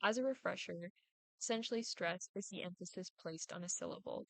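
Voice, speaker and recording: A young woman, a student, reading her prepared class presentation aloud, deliberately overemphasizing stressed syllables in her examples. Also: lowish voice, creaky, no room sound, rough recording.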